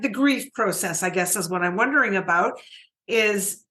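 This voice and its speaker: A woman's voice: on the high side, sharp tone. A middle-aged woman hosting an interview, asking searching questions that ramble with many restarts. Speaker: podcast host. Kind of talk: interview conversation.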